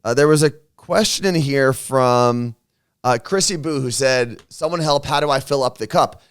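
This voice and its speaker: A man's voice: mid-range voice, normal speed, clean tone. A man co-hosting a casual live stream from a hotel room, teasing his co-host and reading out viewer questions. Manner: dry teasing banter, reads viewer questions aloud.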